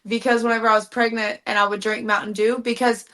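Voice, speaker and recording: A woman's voice: fairly high pitch, flat delivery, fast, fairly bright tone. A woman with a Southern US accent, chatting casually on a podcast as co-host, laughing and swearing freely. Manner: laughing, profane, joking.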